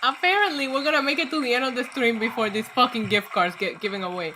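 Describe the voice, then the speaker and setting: Woman streamer, high and bright, excitable, tipsy, swears a lot. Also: quick pace, slight background noise. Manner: excitable, swears freely, laughs often. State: getting tipsy from shots. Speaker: livestream host. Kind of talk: casual livestream chat.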